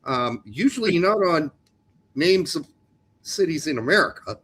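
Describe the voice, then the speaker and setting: A man's voice: a little high, very animated, measured pace, fairly bright tone, slight background noise. A man co-hosting a soccer podcast in a casual, joking chat, teasing his co-host about pronunciations.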